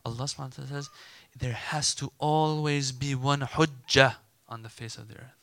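A man preaching a sermon to a gathered crowd, animated and emphatic, acting out imagined dialogue to make his points. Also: medium pitch, brisk, no room sound.

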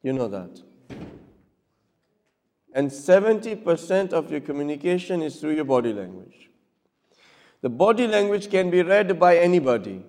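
Guy teaching a class, kinda high voice, quizzing everyone, big echoey hall. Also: sing-song, normal speed, pauses often, a little mellow. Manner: asks the class questions, acts out short examples. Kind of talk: classroom lecture. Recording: long hall reverb.

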